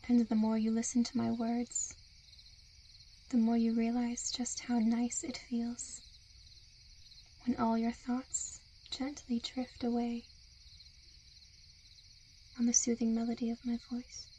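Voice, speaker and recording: A woman in a whispered role-play, with a soft, soothing and coaxing hypnotic murmur. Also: fairly high pitch, completely flat delivery, takes it slowly, long pauses, a little hiss or hum. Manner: seductive, coaxing.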